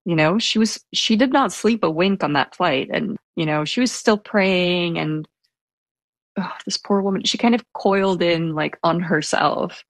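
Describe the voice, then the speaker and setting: A soft-spoken woman telling a personal story in a casual interview, hesitant and full of fillers. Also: fairly low pitch, measured pace, no echo. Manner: self-described introvert.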